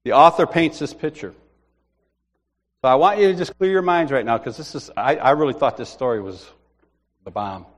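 A man's voice: mid-range voice, moderate pace, long pauses. A man preaching a sermon, telling a comic personal story, acting out other people's voices and laughing often.

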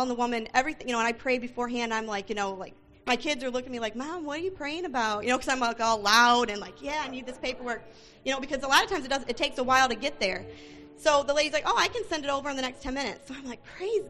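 A middle-aged woman giving a church testimony, telling her story in an animated way and acting out the dialogue. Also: sits high. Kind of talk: testimony sermon.

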